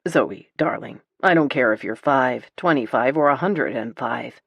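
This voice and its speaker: Woman voicing a charming, teasing young heir; lowered, rumbling banter, dry read. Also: measured pace, creaky, husky, no echo, muffled recording, heavily acted. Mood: tender.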